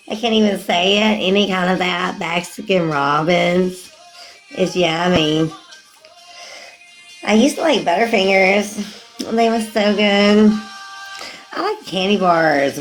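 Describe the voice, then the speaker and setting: A woman's voice: mid-range voice, rough recording. A woman rambling casually to her viewers on a live stream, laughing often. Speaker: livestreamer.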